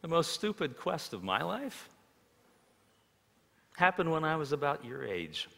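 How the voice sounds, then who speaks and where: A man preaching a sermon in a dramatic way, shifting between loud emphasis and hushed tones as he tells stories. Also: mid-range voice, gravelly, husky. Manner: storytelling with acted quotes. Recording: long reverb of a large hall.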